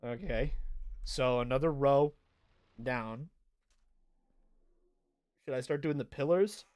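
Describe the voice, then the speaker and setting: Young guy streaming a game, chatty, answers chat, mid pitch, dry close sound. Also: slow pace, a little mellow, clean tone, no room sound. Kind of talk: casual gaming livestream chat.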